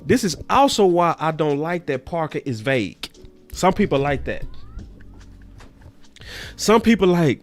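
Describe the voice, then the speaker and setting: A man's voice: measured pace, pauses often, faint music behind. A man hosting a sports talk show in casual commentary. He talks emphatically, repeats his points and swears. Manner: animated, jumps between low and high.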